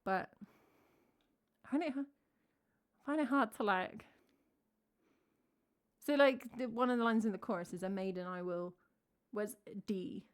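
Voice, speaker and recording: Between songs on a live stream, an English singer-songwriter with an English accent chats casually, rambling, cutting herself off, and saying "like" a lot. Her voice is fairly high and unhurried, with long pauses.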